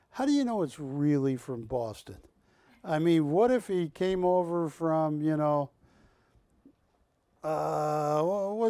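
A man hosting a live shopping show, selling with joking, drawn-out salesman patter. He speaks slowly and in a fairly high voice. The sound is dry and close. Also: mellow, no echo. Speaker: shopping channel host. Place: TV studio.

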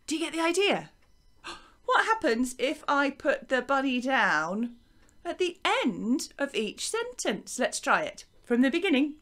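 A woman teaching a recorded music lesson for young children, lively and encouraging in a sing-song teacher voice. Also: sits high, measured pace. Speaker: primary school teacher.

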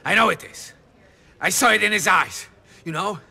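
A gravelly, husky mob boss, swinging from boisterous to menacing. His voice is sharp and bright, and his pitch jumps around a lot. He is paranoid and erratic, and he barks orders in a game cutscene. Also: lively intonation, normal speed, heavily acted. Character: volatile paranoid male crime boss, middle-aged.

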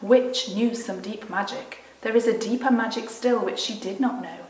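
A woman's voice: medium pitch, moderate pace, a little mellow, lightly acted. A woman voicing a great, wise male lion in a storybook, speaking steadily and solemnly. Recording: roomy echo from a distant mic.

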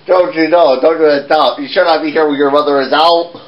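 A man's voice: a little high, steady tone, brisk, reverberant, lo-fi sound, lightly acted. A man voicing a fussy pet fish that scolds and frets in a puppet show. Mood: scolding.

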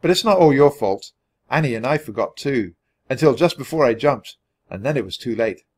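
A man's voice: mid-range voice, lively intonation, a little fast, lightly acted. A man voicing a practical, level-headed boy in a storybook reading. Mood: earnest.

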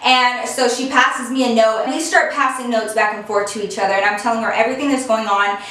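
A woman's voice: a little high, steady tone, a little fast, a bit bright. A woman vlogger telling a personal story to camera in a chatty, dramatic way, filling her talk with "like". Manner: chatty, dramatic, peppers speech with "like". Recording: very echoey room, far from mic.

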